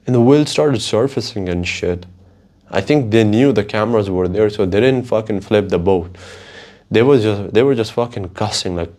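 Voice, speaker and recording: A man's voice: fairly low pitch, moderate pace. A man hosting a podcast, talking casually on his own in a profane, rambling way. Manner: profane, rambling, animated storytelling. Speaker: podcast host. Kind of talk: casual solo monologue.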